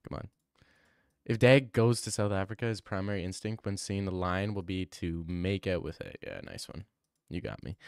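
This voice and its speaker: A man's voice: on the low side, clean tone, dry recording, studio quality. A young man streaming, reading chat aloud and reacting in casual, slangy talk, often saying bro. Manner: laughing, slangy, says bro a lot.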